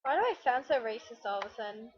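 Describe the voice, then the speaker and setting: A woman's voice: on the high side, very animated, fast talker, slightly rough, lo-fi sound. A woman chatting casually over her gameplay, rambling and poking fun at herself. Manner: rambling, chatty, self-deprecating. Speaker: let's play gamer.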